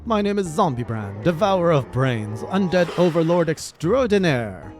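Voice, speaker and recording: Dude playing a pompous zombie gentleman, super dramatic and grand. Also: fairly high pitch, sing-song, moderate pace, music in the background, voice pushed up. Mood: grandiose. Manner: grandiose, declaiming. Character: pompous undead gentleman, theatrical.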